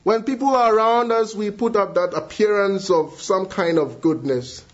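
A high-pitched man preaching with earnest conviction, dropping to quiet lines and then climbing into emphatic appeals. The recording is dull and lo-fi, its highs muffled. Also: moderate pace. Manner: earnest, swings between hushed and rising emphatic appeals. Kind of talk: sermon. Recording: dull lo-fi sound.

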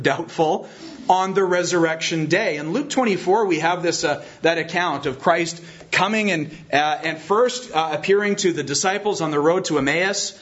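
Man preaching, earnest and emphatic, higher-pitched voice, muffled lo-fi sound. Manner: earnest, with frequent restarts and emphatic repetition. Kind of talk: sermon.

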